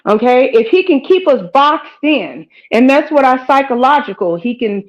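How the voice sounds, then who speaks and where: Animated, higher-voiced woman preaching to viewers. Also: moderate pace, lo-fi sound. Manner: animated, preachy, talks straight to viewers with "girl" and "child". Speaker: host of her own live-commentary channel. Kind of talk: casual rambling commentary to viewers.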